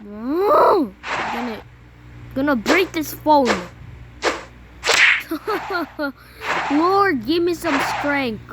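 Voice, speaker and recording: A woman giving casual commentary while playing a mobile game, complaining loudly at it with sudden yelps. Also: high-pitched, big pitch swings, slow, very noisy. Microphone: phone microphone during screen recording.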